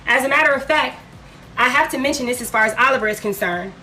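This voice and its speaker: A woman's voice: high-pitched, fast, sharp tone, soft background music. A young adult woman from Detroit tells a heated story on a livestream, blunt and full of profanity, acting out her own side of arguments. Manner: blunt, profane, dramatic retelling.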